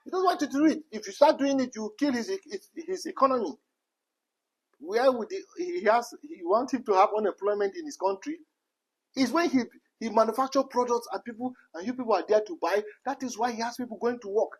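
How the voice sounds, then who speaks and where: In a rough recording, a man from Nigeria rants with passion, repeating phrases and firing off rhetorical questions emphatically. He speaks fairly quickly in a high, slightly rough voice.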